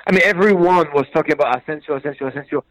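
A man's voice: on the high side, very fast, fairly bright tone, dry recording, poor audio. A man chatting casually about football, hesitant, with many fillers and restarts. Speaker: football pundit. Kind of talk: casual sports chat.

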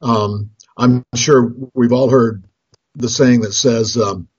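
A very husky, breathy man talks about budgeting as a financial counselor. He rambles, restarts his phrases and chuckles along with his own stories. The recording is dry and close, with a dull lo-fi sound. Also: medium pitch, fairly even intonation, takes it slowly, no room sound. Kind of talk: storytelling talk on budgeting.

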